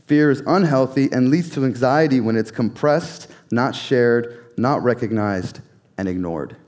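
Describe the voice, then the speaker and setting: A man preaching a sermon in an earnest, measured way, repeating key phrases and sometimes dropping to a near whisper. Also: medium pitch, darkish tone. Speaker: pastor.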